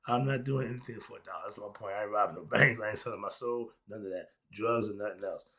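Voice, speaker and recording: An older man talking casually and emphatically in a monologue, with laughing asides, swinging between loud and soft. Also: lowish voice, fast, slightly rough. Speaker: commentator.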